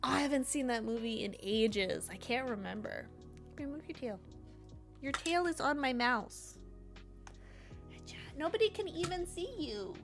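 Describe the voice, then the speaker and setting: A woman's voice: high-pitched, a little slow, long pauses, over music. A woman streaming her coding work, chatting casually, reading chat aloud and talking to her cats. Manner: animated, bursts of excitement.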